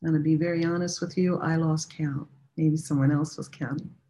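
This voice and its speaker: A woman leading a guided chanting and prayer practice. She speaks gently and without hurry, and talks plainly and candidly to her listeners. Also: deep voice, steady tone. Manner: gentle, unhurried, intimate. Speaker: meditation and prayer teacher.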